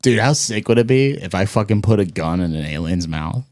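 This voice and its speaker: Low-voiced joking man, swinging pitch. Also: animated, fairly quick, a little mellow. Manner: rambling, profane, giggly. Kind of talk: crude comedic banter.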